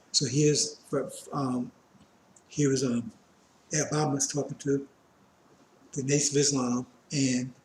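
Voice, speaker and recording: A man's voice: mid-range voice, darkish tone, echoey room, a little hiss or hum. A man teaching scripture in a loose, conversational way, reading verses aloud and then explaining them with many asides, his voice strained and catching on coughs. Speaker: religious teacher.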